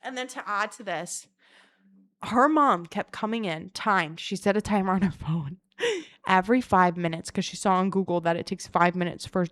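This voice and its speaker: A young woman telling a story in a vlog, animated, dramatic and full of swearing. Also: medium pitch, moderate pace.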